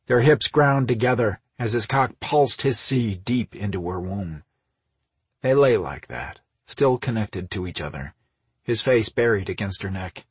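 A man narrating an audiobook in a steady, unhurried reading, close on the microphone. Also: on the low side, breathy edge, dry recording. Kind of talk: scripted narration.

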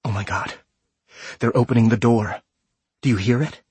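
A man voicing a tough female soldier who speaks in a hushed whisper. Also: mid-range voice, normal speed, slightly rough, no room sound. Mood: tense whisper.

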